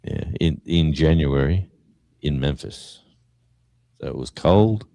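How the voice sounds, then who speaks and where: A very deep, creaky voice belongs to this Australian guest musician, who speaks slowly as he tells a story in casual conversation and animatedly acts out people's words. There's no echo.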